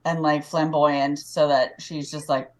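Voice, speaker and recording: Woman, tabletop player, low voice, animated, laughing. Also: a little slow. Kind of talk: tabletop role-play chat.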